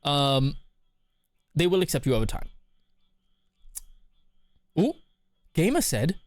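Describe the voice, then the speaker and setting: A man's voice: on the high side, lively intonation, normal speed, pauses often, no room sound. A man hosting a live stream, giving casual advice and reading chat messages aloud with a joking manner. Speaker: streamer host.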